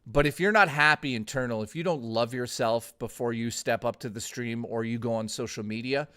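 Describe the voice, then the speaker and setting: A man's voice: medium pitch, a little fast, pushed and bright, clean tone. A man hosting a live stream, talking earnestly and motivationally to his viewers, cursing freely and losing his voice. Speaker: streamer host. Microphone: desk mic.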